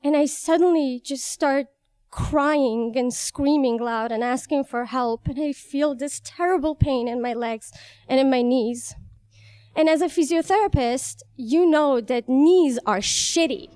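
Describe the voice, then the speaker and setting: A young woman from Iran tells a personal story with animated, vivid delivery. Her voice sits a little high and sounds smooth and clear, and the sound is dry and close. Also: unhurried, no echo. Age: young adult. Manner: vivid, animated, laughs at herself. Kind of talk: personal story told live.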